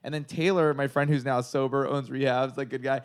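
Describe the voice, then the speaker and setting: A man's voice: medium pitch, level tone, fairly quick, smooth. A man from Southern California, a comedian guest, telling a long story in casual chat, rambling and swearing with lots of filler words. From San Gabriel Valley, California.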